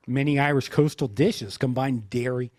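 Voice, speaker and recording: A man co-hosting a comedy podcast, explaining an absurd recipe in a deadpan, mock-serious way. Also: medium pitch. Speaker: podcast co-host.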